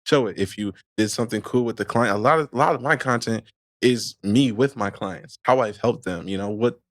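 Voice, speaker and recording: A man as a podcast guest in casual conversation, relaxed and chatty, often adding "you know". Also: fairly low pitch, brisk, no echo, clean studio sound.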